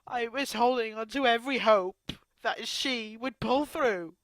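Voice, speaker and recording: A woman crying as she talks to her camera in a grieving personal vlog, her speech halting and broken by sobs and restarts. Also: fairly high pitch, dry recording. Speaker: vlogger.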